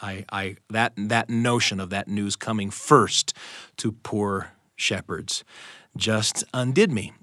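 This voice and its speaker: A man hosting a podcast, telling a story with reflective, expressive delivery and occasional stammering restarts. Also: on the low side, dry recording, clean studio sound. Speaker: podcast host. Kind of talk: warm storytelling host narration.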